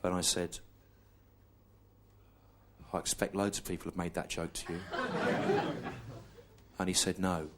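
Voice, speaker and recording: A middle-aged English man doing a deadpan stand-up routine, telling a slow, repetitive story on a theatre stage. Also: sits low. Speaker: stand-up comedian. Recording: clear audience noise behind. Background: audience laughter.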